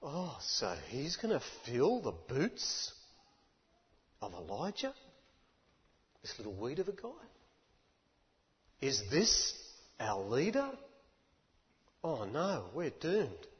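A preacher voicing a gloomy group of young men who mutter scornfully and despair about their new leader. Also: male voice, mid-range voice, sing-song, slow pace, pauses often, pitched below the performer's own voice. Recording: echoey hall, dull lo-fi.

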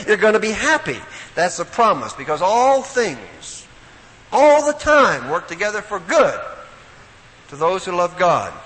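Male preacher, sermon, high voice, lively emphatic delivery, echoey hall, faint noise. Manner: animated, storytelling, emphatic.

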